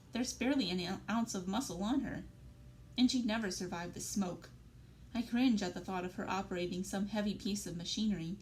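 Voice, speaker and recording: A woman reads a novel aloud, steady and even-paced, with quiet emotional weight on key phrases. Her voice sits at a middle pitch over a faint background hum. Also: rough recording. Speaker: library story reader. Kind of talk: reading a young adult novel aloud.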